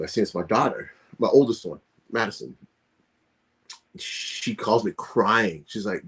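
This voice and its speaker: A middle-aged man co-hosting a podcast who tells stories with animated, casual energy. His voice sits low and has a husky edge. He talks loosely and swears now and then. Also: normal speed, long pauses. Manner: animated storyteller, casual and profane. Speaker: podcast co-host.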